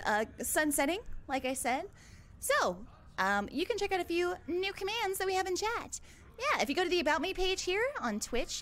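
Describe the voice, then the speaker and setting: A bubbly, sweet young huntress girl chatting live on stream. Her high voice bounces all over the place, full of excited squeals. The delivery stays playful and animated throughout. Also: exaggerated voice. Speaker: VTuber streamer. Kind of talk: live-stream chat in character.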